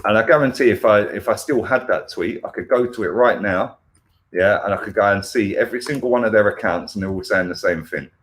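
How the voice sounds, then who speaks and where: The angry host of a football fan channel swears through a heated football chat, keeps asking "yeah? right?" after his points, and rants throughout. His voice is lowish with a fairly bright tone, and he speaks a little fast.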